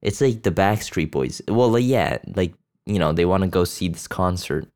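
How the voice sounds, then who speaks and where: A man's voice: deep voice, lively intonation, normal speed, a little mellow, smooth. A man hosting a podcast, rambling bluntly and crudely about a movie, with lots of fillers and restarts. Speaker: podcast host. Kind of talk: casual profane movie chat.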